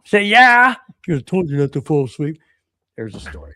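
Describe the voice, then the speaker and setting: An American man co-hosting a casual sports podcast, telling a rambling story and reading out viewer chats in an excitable way. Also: fairly high pitch, fast, dry recording. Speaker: podcast co-host.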